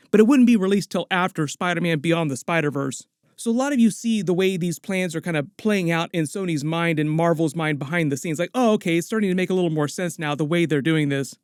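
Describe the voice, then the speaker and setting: Chatty high-voiced man talking movie news. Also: no room sound, clean studio sound. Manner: chatty, addresses viewers directly. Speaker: host of a movie news channel. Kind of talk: casual entertainment news commentary.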